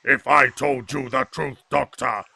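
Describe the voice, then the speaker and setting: A man's voice: mid-range voice, fairly even intonation, measured pace, vocal fry, bright, forceful tone, husky, no room sound, full character voice. A man voicing a stern, secretive alien commander who speaks in a guarded, ominous way in an audio drama.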